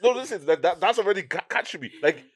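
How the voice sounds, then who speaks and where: A man's voice: high-pitched, expressive, racing, a crowd in the background. A man co-hosting a podcast, teasing the others and often laughing and repeating himself in casual banter. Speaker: podcast co-host.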